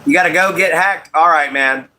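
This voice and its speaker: A man with a drawl hosts a relaxed livestream and greets his viewers one by one by name. His voice sits a little high and rings bright and forward. He talks easily and apologizes often when his audio cuts out. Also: normal speed, a little hiss or hum. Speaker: livestream host. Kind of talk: casual livestream chat while crafting.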